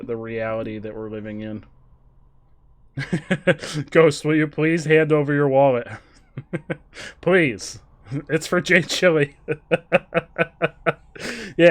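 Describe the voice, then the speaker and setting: With a stuffy nose, a man streams a video game, chatting casually, reading the game's dialogue aloud, and greeting his chat in a loud, high, animated voice.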